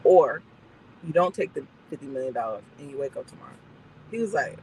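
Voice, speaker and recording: A woman driving instructor chatting casually in a moving car, telling stories and acting out the voices in them between calm, brief driving instructions. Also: extremely low pitch, fairly quick, slight background noise, rough recording. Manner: animated storyteller who acts out the voices in her stories. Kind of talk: casual chat during a driving lesson.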